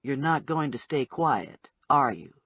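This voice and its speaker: A woman voicing a laid-back male cop who speaks low and quiet with a dry, teasing edge. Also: expressive, measured pace, breathy edge, no echo, exaggerated voice.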